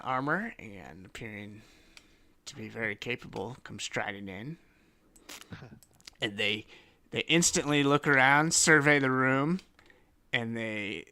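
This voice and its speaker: A man's voice: mid-range voice, sharp tone, clear, resonant tone. A man narrating a tabletop game as game master, in a casual, loose style with many fillers.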